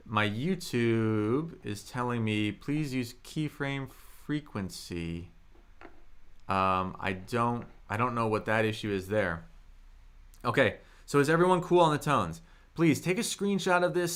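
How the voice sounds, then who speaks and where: An upbeat young man hosts a live online language lesson in a mid-range voice. He reads viewers' comments aloud and slows down to model each word clearly and loudly for them to copy. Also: mid-range voice. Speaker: Mandarin teacher on a livestream.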